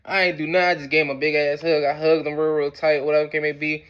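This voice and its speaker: Casual male storyteller, slangy and easygoing, slightly higher voice, muffled lo-fi sound. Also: flat delivery, fast, clean tone. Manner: slangy, laid-back, peppered with "boom" and "whatever the case may be".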